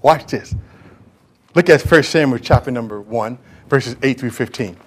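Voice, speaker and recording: A man preaching a sermon as pastor, impassioned and talking straight to the congregation, swinging from loud calls to hushed whispers. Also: medium pitch, normal speed, breathy edge. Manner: addresses congregation directly, acts out quoted voices.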